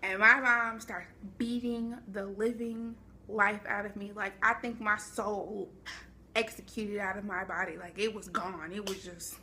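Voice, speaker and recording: A young woman vlogging a storytime, animated and chatty with dramatic asides, speaking to a camera at home. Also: mid-range voice, unhurried, a little hiss or hum. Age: young adult. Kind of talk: storytime vlog.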